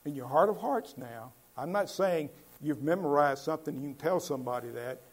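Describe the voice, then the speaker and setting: A man's voice: on the high side, lively intonation, brisk, husky. A man preaching a Bible-teaching sermon in a conversational way, asking his listeners questions and building to emphatic points.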